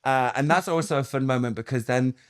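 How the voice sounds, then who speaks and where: A man's voice: mid-range voice, fairly quick. A man, a comedian, in a playful, theatrical casual chat. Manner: playful, theatrical, bursts into mock-grand recitation. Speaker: comedian guest.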